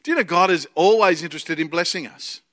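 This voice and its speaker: Aussie preacher guy, bright higher voice, gets excited then goes quiet and jokey. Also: fast. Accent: Australian. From Australia. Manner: excitable, jokey, swings from loud bursts to quiet asides. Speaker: preacher and Bible college teacher. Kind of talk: sermon.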